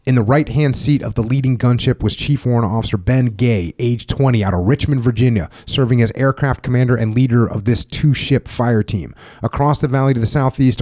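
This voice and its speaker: Low, mellow-voiced male podcast host. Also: no room sound, studio quality. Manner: steady, measured reading with brief questions. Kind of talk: reading a memoir aloud and interviewing.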